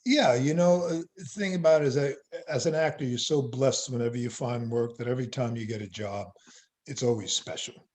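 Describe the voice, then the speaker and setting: Older American man, actor guest, easygoing and self-mocking, quick laughs. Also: medium pitch. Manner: relaxed, self-deprecating, laughs often. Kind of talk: casual interview chat.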